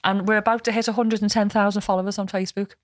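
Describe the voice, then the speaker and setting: A woman's voice: mid-range voice, flat delivery, very fast, no room sound. A woman with a Liverpool accent hosting a podcast in casual chat, talkative, swearing freely and laughing often. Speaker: podcast host.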